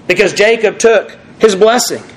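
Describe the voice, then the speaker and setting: A man's voice: normal speed, slight background noise, poor audio. A man preaching a sermon, reading scripture aloud and acting out the quoted lines with big swings in his voice, now and then correcting his own slips. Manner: animated, acts out the quoted lines with pitch swings; self-correcting, apologizes for slips.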